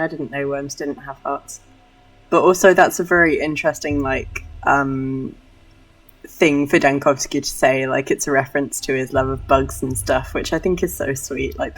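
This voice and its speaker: Low-voiced woman musing over a game. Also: fairly even intonation, normal speed, no room sound, recorded from a distance, soft background music, rough recording. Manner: rambling, musing, self-deprecating. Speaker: game streamer. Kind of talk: casual gameplay commentary.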